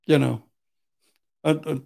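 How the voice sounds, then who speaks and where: A man's voice: mid-range voice, fairly even intonation, slow, creaky, warm tone. An older man, a criminal defense attorney, telling blunt, profane stories in casual chat and acting out what people said. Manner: profane, blunt, acts out quotes.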